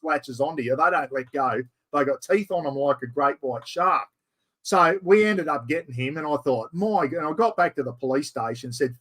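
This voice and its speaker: An Australian man in middle age hosts a casual chat with a slightly raised pitch. He tells his stories in an animated, yarn-spinning way. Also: normal speed. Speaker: host.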